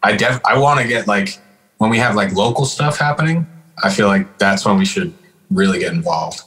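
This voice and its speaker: Man, low-pitched, casual podcast co-host, rambling storyteller, laid-back slangy chat. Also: animated, moderate pace, a bit bright, poor audio. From Calgary, Canada. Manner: rambling storyteller, lots of "like" and "dude".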